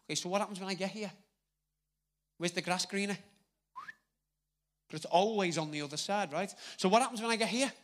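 A man with a Liverpool accent preaching a live sermon on a handheld microphone, conversational and swinging between loud emphasis and hushed asides. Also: high voice, a little fast, pauses often. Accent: Liverpool (Scouse). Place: church hall with congregation.

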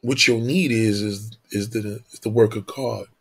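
Husky, profane man preaching a story. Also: fairly low pitch, steady tone, unhurried. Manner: profane, emphatic, repetitive.

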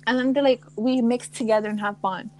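A young woman co-hosting a casual podcast. Her voice sits a little high, and she rambles loosely from story to story, laughing often and swearing freely. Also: steady tone, a little mellow, low-quality recording. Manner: giggly, swearing, quick asides. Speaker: podcast co-host. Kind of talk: casual chat. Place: lives in New York.

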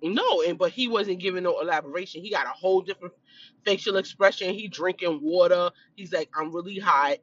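A woman chatting casually as she recaps a show, telling the story in a gossipy way and clearing her throat from allergies. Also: on the low side, quick pace, highs cut off. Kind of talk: casual chat.

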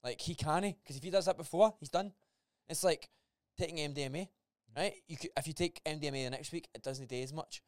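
A man's voice: on the high side, fast talker, no echo, clean studio sound. A Scottish man co-hosting a podcast about strength training, speaking emphatically in casual chat. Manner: emphatic, talks in bursts with many "aye"s. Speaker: podcast co-host and strength coach.

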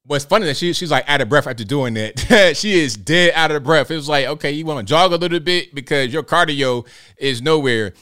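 A man's voice: a little high, animated, brisk, bright, forceful tone. Guy hosting a live show, cracking jokes and laughing at clips. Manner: joking, slangy, laughs often. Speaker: host. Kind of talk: live reaction commentary.

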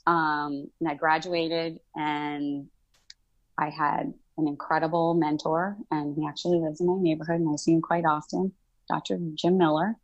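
A woman's voice: deep voice, moderate pace, no room sound, muffled recording. A middle-aged woman, a college instructor, telling her story in a casual interview and acting out past conversations. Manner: animated, acts out past dialogue in quoted voices.

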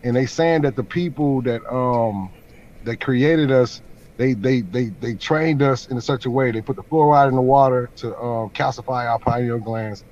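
A man's voice: mid-range voice, moderate pace, a little mellow, dull audio. A man hosting a YouTube channel, chatting casually with a friend and often repeating words and restarting sentences. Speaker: YouTube host. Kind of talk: casual chat.

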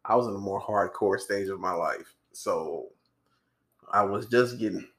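A man co-hosting a podcast in casual chat, animated and joking as he rambles through stories. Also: fairly low pitch, unhurried. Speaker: podcast co-host. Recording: echoey room.

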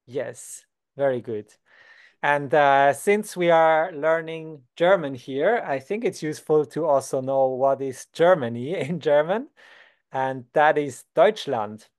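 Patient Swiss man teaching German basics. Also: on the high side. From Switzerland. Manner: patient, slows down to model words. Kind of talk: beginner language lesson.

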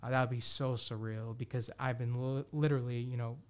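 In casual solo podcast talk, a male host rambles, restarts often, leans on fillers, swears without restraint, and sounds eager about music predictions. His voice is medium in pitch, steady in tone, and fairly quick.

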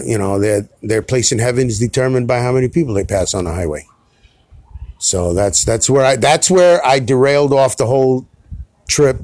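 A man's voice: fairly low pitch, a little mellow, dry recording. A middle-aged man, hosting a solo podcast in a rambling, self-deprecating way with some swearing. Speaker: podcast host.

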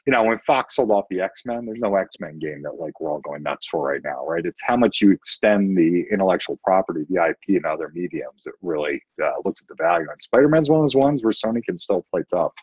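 Very low, husky male podcast co-host, blunt and opinionated, dull lo-fi sound. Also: expressive, brisk, few pauses, a little mellow, dry recording. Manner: opinionated, blunt, swears casually. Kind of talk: casual chat.

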